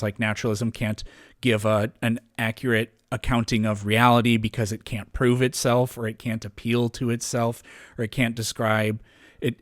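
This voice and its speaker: A male podcast guest chats casually, rambling around his point with plenty of fillers and restarts and laughing quickly and often. His pitch is an ordinary middle. The recording is dry and close, with no echo and little sense of room.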